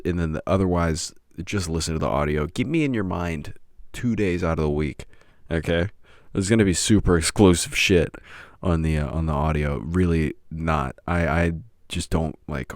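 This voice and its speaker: Gravelly low-voiced podcast guy. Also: dry recording, clean studio sound. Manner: profane, rambling, self-mocking. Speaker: podcast host. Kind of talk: rambling solo podcast.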